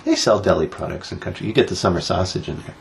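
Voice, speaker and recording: A man's voice: sits low, lively intonation, quick pace, vocal fry, a little hiss or hum. A man co-hosting a casual podcast, joking his way through odd news stories with plenty of teasing. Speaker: podcast co-host.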